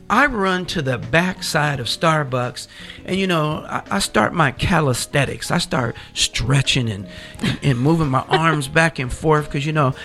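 A man's voice: a little high, fairly bright tone. A middle-aged man hosting a radio show, telling playful stories and speaking directly to his listeners. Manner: chatty, anecdotal, playful, addresses listeners directly. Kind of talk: casual radio talk with storytelling.

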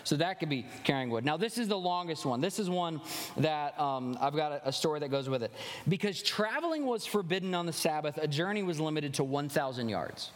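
A male pastor giving a conversational sermon with animated, wry asides. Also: a little high, fairly quick. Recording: long hall reverb.

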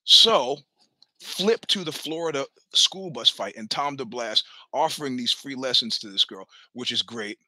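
A man in his sixties talks through a personal story on his own show, loose and chatty, stumbling over restarts and dropping curses along the way. His voice is very bright and forward at a mid pitch. It sits close and dry on the mic, with no room sound. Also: measured pace, no echo. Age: 60s. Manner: chatty, many restarts and stammers, swears freely. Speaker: podcast host. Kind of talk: rambling personal storytelling monologue.

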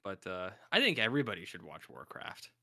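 A man's voice: sits low, huge pitch swings, a little fast, pushed and bright, no echo, clean studio sound. A man co-hosting a podcast in a casual, rambling chat, laid-back and sometimes swearing. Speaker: podcast co-host.

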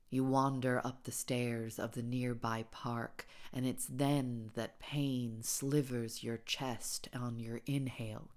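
Audiobook reader, female, very deep and unhurried, hushed horror narration. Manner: hushed and deliberate, dropping into whispers at times. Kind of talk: scripted narration of a second-person horror story.

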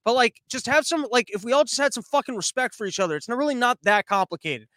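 A man's voice: extremely high pitch, expressive, fast talker, a bit bright, no room sound. An American man hosting a commentary show, ranting in a rambling, profane, sarcastic way.

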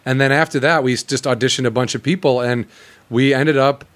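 A man co-hosting a podcast, his voice in an ordinary middle range. He chats loosely and keeps clearing his throat and coughing as he talks. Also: medium pitch, steady tone, brisk, fairly bright tone. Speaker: podcast co-host. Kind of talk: casual chat.

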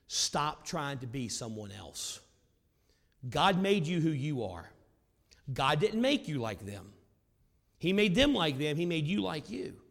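A male pastor preaching a sermon, with a loud, carrying voice that swings from booming to hushed. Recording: long hall reverb.

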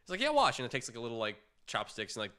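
A young man co-hosting a casual chat show, telling animated stories full of "like" fillers and jumping high in pitch for the voices he quotes. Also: racing, smooth. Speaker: podcast co-host.

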